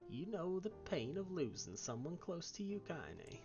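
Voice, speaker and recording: A man doing a gruff old Southern grandma. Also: a little high, big pitch swings, measured pace, darkish tone, highs cut off, soft background music, voice pushed up, full character voice. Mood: stern tender. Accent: Southern US drawl. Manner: gruff, scolding, coarse. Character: feisty old grandmother, tough and blunt.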